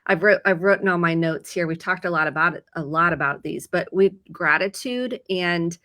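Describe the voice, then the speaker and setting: A woman's voice: fairly low pitch, normal speed, fairly bright tone, no echo. A woman therapist with a Midwestern American accent, explaining mental health in an earnest, casual chat full of examples.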